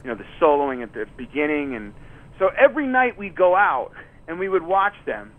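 A man with a fairly high voice tells loose, rambling stories, circling back with plenty of fillers and restarts. He comes through a thin, tinny phone line that cuts off the lows and highs. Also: very animated, fairly quick, dry recording. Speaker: touring musician guest. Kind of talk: casual storytelling interview.

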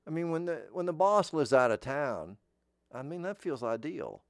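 A man's voice: fairly high pitch, very animated, moderate pace, dry recording. Middle-aged guy rambling on his show, restarts a lot, dry close mic. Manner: rambling, with frequent restarts and asides. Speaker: host. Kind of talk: casual monologue.

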